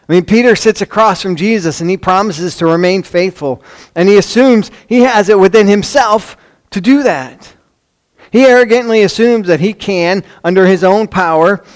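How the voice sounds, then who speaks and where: A man with a Chicago accent preaching a sermon, swinging from loud emphasis to hushed lines, with conversational asides and rhetorical questions. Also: sits high. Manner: dramatic swings between loud emphasis and hushed near-whispers. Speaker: pastor.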